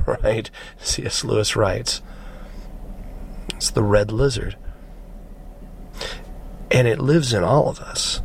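A man's voice: on the low side, slow pace, gravelly, long pauses, a little hiss or hum. A man preaching a conversational sermon, often checking in with his listeners.

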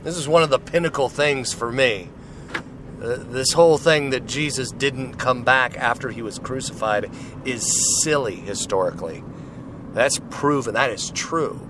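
A man with a medium-pitched, unhurried voice shares his personal Christian testimony in informal preaching, recorded on a noisy street as cars pass. He's earnest and rambling, with many restarts and frequent "right?" and "you know".

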